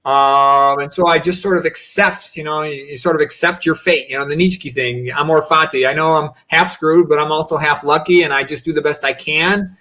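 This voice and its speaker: He's a fifty-something doctor on a video-call talk show, giving casual interview answers that ramble reflectively with many asides and frequent "you know" and "okay." His pushed, bright voice is on the high side, with fairly even intonation, normal speed and hardly any pauses.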